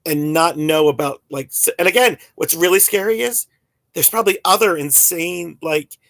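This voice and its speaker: A man in his forties talks casually on a podcast, circling his point with fillers and restarts. His voice sits a little high. The recording is dry and close, with no room sound. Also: moderate pace, creaky, a bit bright, no room sound. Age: 40s. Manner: rambling, full of fillers and restarts. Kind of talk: casual chat.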